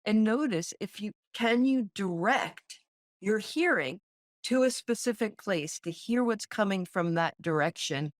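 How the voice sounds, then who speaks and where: A woman co-hosting a podcast, unhurried and reflective, pausing often to find the right words. Her voice sits at an ordinary middle pitch. The sound is close and dry, with almost no room around it. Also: lively intonation, no echo. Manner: slow, thoughtful, searching for words. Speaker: podcast co-host. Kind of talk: reflective casual conversation.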